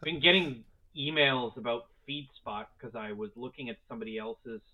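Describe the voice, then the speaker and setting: A Canadian man co-hosting a podcast in casual chat, excitable and fired up, swearing freely. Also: medium pitch, normal speed, phone-quality sound, crowd noise. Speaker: podcast co-host.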